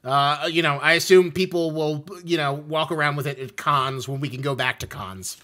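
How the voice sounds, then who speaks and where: A man chatting on a casual podcast, with a fairly high voice and a bright, forceful tone. He jokes around and stammers through restarts as he explains things. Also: moderate pace. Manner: joking, stammering restarts, playful. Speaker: podcast co-host. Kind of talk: casual chat.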